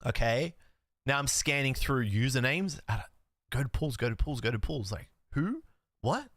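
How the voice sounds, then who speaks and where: A man's voice: medium pitch, measured pace, no room sound, studio quality. A man, a card streamer, telling a story in a casual way, acting out the dialogue and swearing now and then. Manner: animated, swears, laughs, acts out dialogue.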